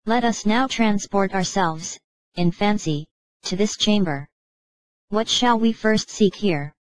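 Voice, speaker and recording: A woman narrating an audiobook in a measured, even reading style. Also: medium pitch, dry recording, rough recording. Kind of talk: scripted narration.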